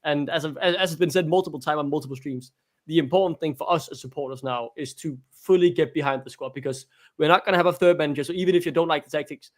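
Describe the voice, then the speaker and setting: Passionate higher-voiced male football fan. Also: quick pace. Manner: passionate, emphatic, repeats himself. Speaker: fan podcast co-host. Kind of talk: casual football fan chat.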